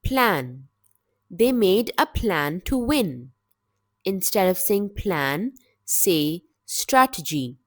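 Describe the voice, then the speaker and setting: A woman teaching English vocabulary in a slow, deliberate scripted lesson, with measured, clear word-by-word delivery. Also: on the low side, very animated, dry recording, clean studio sound.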